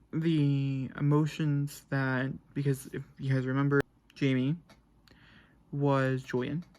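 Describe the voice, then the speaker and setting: A young man chatting casually to camera about a book he is reading, excitable and rambling, with sudden jumps up into high squeals. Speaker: book reviewer. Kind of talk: casual book vlog chat.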